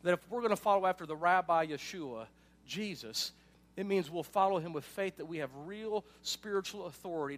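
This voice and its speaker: Male pastor, high-pitched, casual conversational sermon delivery with asides. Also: expressive, a little fast. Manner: conversational preaching with frequent asides and "right?".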